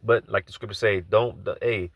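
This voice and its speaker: A man's voice: on the low side, fairly even intonation, normal speed, gravelly, dry recording. Man preaching loose and conversational. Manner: loose and conversational, repeats phrases, many fillers. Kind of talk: informal live sermon.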